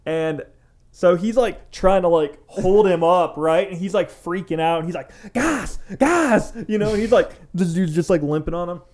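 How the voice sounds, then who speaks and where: A young adult man, a tattoo artist co-hosting a podcast, telling a story in casual chat, animated and laughing, with lots of "like" and swearing. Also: high voice, moderate pace.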